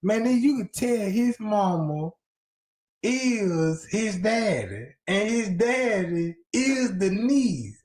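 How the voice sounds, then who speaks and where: A man's voice: high-pitched, very animated, darkish tone, roomy sound. A man hosting a livestream, giving crude, mocking, profane commentary. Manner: mocking, profane, drawn-out delivery. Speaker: livestream host.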